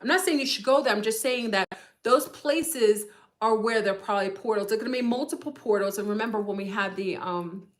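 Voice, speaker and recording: A woman's voice: mid-range voice, fairly quick. Rambling woman hosting a livestream. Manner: rambling, musing aloud, speculative; often checks in with listeners. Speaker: livestream host. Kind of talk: casual livestream talk.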